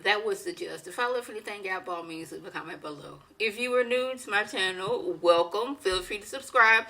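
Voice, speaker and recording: A woman YouTuber giving a casual, animated recap of a reality show, talking with dramatic exclamations. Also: medium pitch, a little fast, hardly any pauses.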